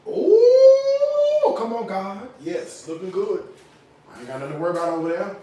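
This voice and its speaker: Sassy tipsy man cooking, lively voice. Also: high-pitched, fast, echoey room, slight background noise. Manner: sassy, profane, rants dramatically. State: tipsy from liquor. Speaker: home cook, cooking show host. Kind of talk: casual cooking tutorial. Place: home kitchen.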